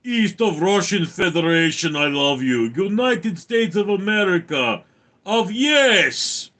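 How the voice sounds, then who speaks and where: A man doing a booming stiff cyborg impression. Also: level tone, takes it slowly, fairly bright tone, smooth. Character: bellowing robotic movie cyborg, male.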